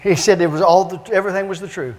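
Male evangelist, high voice, animated storytelling sermon, long hall reverb. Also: fast. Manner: animated, repetitive, emphatic. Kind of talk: preaching with storytelling. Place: church sanctuary.

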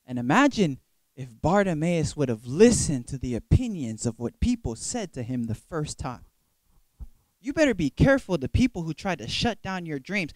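A man's voice: a little high, big pitch swings, moderate pace, no room sound. A man preaching a sermon at a youth worship service in an emphatic, repetitive, building way.

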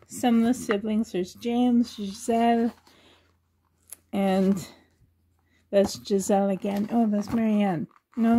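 A woman's voice: a little high, mellow. A middle-aged woman vlogger chatting casually and rambling, with frequent giggles as she shows things. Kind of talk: casual show-and-tell chat.

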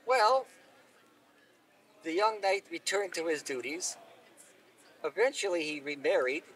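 A man telling a folk tale aloud at an outdoor event, unhurried and expressive, recorded from a distance. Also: a little high. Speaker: storyteller. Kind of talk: oral storytelling.

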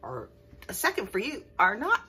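A woman's voice: a little high, wildly swooping pitch, normal speed, pushed and bright. Folksy woman chatting while cooking. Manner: chatty, folksy, talks to viewers as y'all, laughs at herself. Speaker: home cooking vlogger. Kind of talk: casual cooking demonstration. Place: home kitchen. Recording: distant mic with faint background noise.

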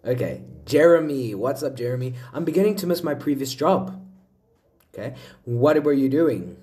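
A man talks through a casual reaction video in a lively, sing-song voice that swings up and down. He keeps exclaiming and repeating himself, tossing asides to his viewers. His pitch sits in an ordinary middle register. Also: normal speed. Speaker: video host.

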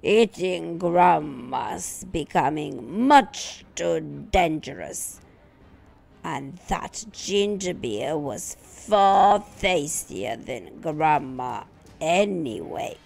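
A woman reading a storybook aloud, voicing a greedy, gruff male wolf who growls slowly. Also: low-pitched, lively intonation, a little mellow, full character voice. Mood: groaning. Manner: growling, slow and menacing.

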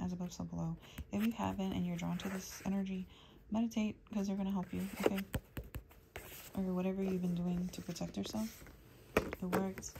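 A woman giving a channeled tarot reading to her viewers, speaking low and hushed, sometimes slipping into a whisper, rambling through lists of names. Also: creaky, noisy background. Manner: rambling, listing names as they come. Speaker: tarot reader.

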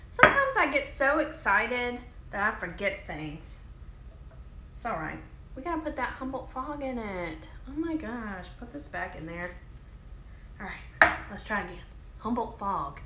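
A woman hosting a casual cooking demo, chatty and excitable, calling her viewers y'all. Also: mid-range voice, a little slow, gravelly, roomy sound, slight background noise. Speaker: cooking show host.

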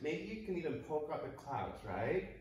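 A fairly high-voiced man talks kids through yoga poses with playful, encouraging cues. His voice bounces around an echoey room and sounds a little off-mic, as if the mic is set back from him. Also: very animated, moderate pace, far from the mic, a crowd in the background. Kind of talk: guided yoga class for children.

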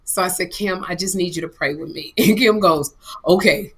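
A middle-aged woman co-hosting a casual comedy podcast, telling an animated story that swings between laughter and tears. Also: on the low side, fairly quick, breathy edge. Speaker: co-host.

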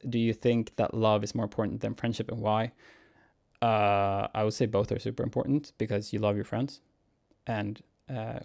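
A young man, a cellist answering viewer questions in a relaxed, musing Q&A vlog, chuckling often. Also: fairly low pitch, creaky. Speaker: cellist and YouTuber. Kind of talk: casual Q&A vlog.

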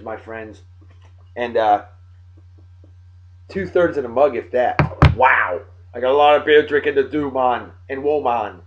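A man's voice: medium pitch, animated, a little slow. A man hosting a casual beer review vlog in brash, jokey, hyped patter, speaking with a Texan accent at his home desk by the computer. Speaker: beer show host. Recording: dull lo-fi webcam audio.

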